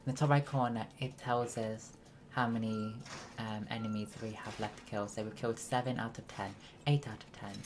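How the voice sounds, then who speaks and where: A British woman chatting casually to her viewers while streaming a game, with sudden excited outbursts. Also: very deep voice, normal speed, a little hiss or hum. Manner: chatty, talks to chat, bursts into excited shouts. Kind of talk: casual live gameplay commentary. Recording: loud game music behind.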